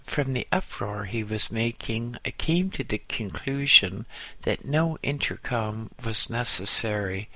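A man narrating a memoir audiobook in a measured, dryly humorous way. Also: fairly low pitch, animated, pushed and bright.

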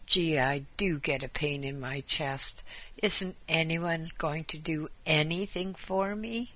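A man's voice: on the high side, takes it slowly, pushed and bright, voice pushed up, exaggerated voice. A man voicing a sick, bewildered old man who complains about his pain, in a storybook reading. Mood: plaintive.

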